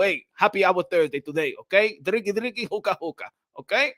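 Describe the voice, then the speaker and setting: A man with a Dominican accent hosting a boxing show in a casual live-stream chat, playful and loud, laughing often and mixing English with Spanish. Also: high voice, lively intonation, measured pace, long pauses, no echo, studio quality. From Dominican Republic. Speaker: boxing YouTube host.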